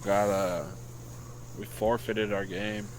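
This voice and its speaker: A man's voice: fairly low pitch, flat delivery, slow pace, a little hiss or hum, low-quality recording. An American man, a podcast co-host and youth football coach, telling a story loosely and profanely in casual chat.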